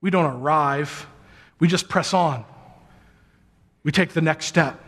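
A man's voice: on the high side, slow, a bit bright, breathy edge. A male pastor preaching a sermon to his congregation, earnest and encouraging with touches of light humor.

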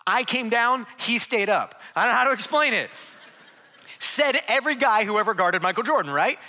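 Man, middle-aged pastor, sermon, high voice, playful storytelling, long hall reverb. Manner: humorous, animated storytelling with crowd asides.

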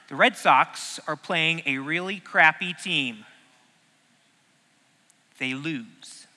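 A man's voice: fairly high pitch, takes it slowly, long pauses, bright, forceful tone, a little hiss or hum. A man preaching a casual sermon, joking and asking the audience questions as he teaches. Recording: long hall reverb.

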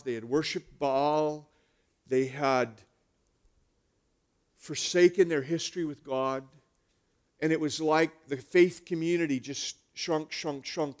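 A male pastor delivers a sermon as animated storytelling. His voice sits a little high, and he drops to near-whispers and then climbs back to loud, urgent passages.

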